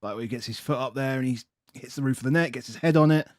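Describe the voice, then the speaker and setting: A man's voice: medium pitch, quick pace, no echo, clean studio sound. A man co-hosting a casual football podcast, rattling off lists of fixtures and leaning on fillers as he talks. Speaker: podcast co-host.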